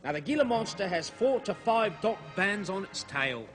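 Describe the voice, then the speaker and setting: A man's voice: sits high, sing-song, moderate pace. An actor playing a jolly male explorer narrating his animal film, chatty and marvelling as he talks to the lizards. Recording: music playing under old TV film.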